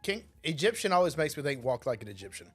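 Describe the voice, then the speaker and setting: Man, easygoing co-host, slightly husky and a bit high, faint music behind. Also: sing-song, fast talker. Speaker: podcast co-host. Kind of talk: casual live-stream chat.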